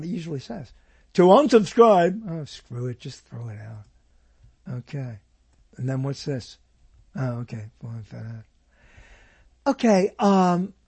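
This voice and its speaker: A man's voice: a little high, a little mellow, husky, no echo. A man casually rambling to viewers as he goes through his email and junk mail, with sarcastic, grumbling asides. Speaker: vlogger. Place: at home at a computer.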